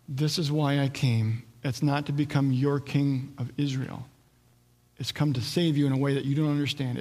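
Pastor, male, slightly higher voice, preaching a sermon with a long hall echo. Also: darkish tone. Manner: expository preaching, acts out quoted voices.

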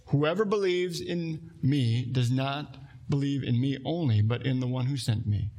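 A man's voice: mid-range voice, a little mellow. A man preaching a sermon as a pastor in a church, reading scripture aloud and putting earnest, direct questions to his congregation.

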